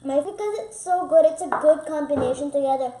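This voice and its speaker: Excitable high-voiced woman vlogger. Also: a little fast, roomy sound. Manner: chatty and excitable, many "like" fillers. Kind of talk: casual food-tasting vlog.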